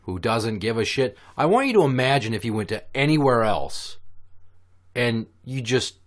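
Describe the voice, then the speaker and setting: A man hosting a casual podcast, telling stories in an animated, profane way. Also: mid-range voice, normal speed. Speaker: podcast host.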